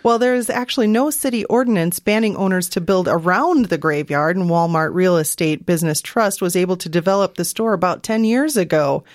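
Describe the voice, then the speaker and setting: Woman, podcast co-host, relaxed matter-of-fact delivery, fairly low voice, dry close recording. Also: fairly quick, few pauses, no echo. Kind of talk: casual podcast chat.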